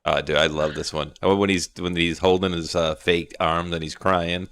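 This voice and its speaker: A man's voice: sits low, steady tone, moderate pace, fairly bright tone, clean tone. A man co-hosting a casual livestream show, chatting loosely, laughing often and trailing off into mumbles. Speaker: podcast co-host.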